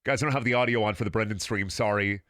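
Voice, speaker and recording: Fast and lowish, this gamer's voice is a bit bright, recorded dry with studio quality. During his casual livestream he rambles sarcastically, swears, laughs a lot, and keeps repeating words.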